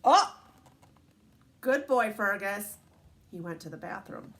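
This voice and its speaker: A woman's voice: medium pitch, takes it slowly, noisy background. A woman reading a picture book aloud to young children, asking them questions as she goes. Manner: warm, animated, questions to young listeners.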